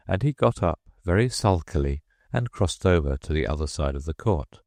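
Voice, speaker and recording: A man's voice: rumbling low, moderate pace, few pauses, no room sound, studio quality. A man reading a children's classic aloud as an audiobook narrator, telling it expressively. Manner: expressive storytelling. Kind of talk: scripted narration.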